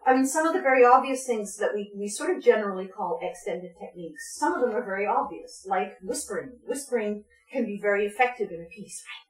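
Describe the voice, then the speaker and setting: A woman's voice: medium pitch, lively intonation, fast talker, few pauses. A woman leading a vocal workshop, talking informally with lots of ums and laughs, and breaking into short sung demonstrations. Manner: chatty, laughs often, many ums, demonstrates sounds. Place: community music space, roomy. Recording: echoey room.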